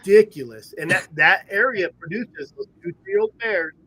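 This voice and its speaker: A man's voice: high-pitched, lively intonation, normal speed, pushed and bright, husky. A man hosting a podcast, telling rambling stories in casual chat and laughing often. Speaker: podcast host. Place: at home in a trailer.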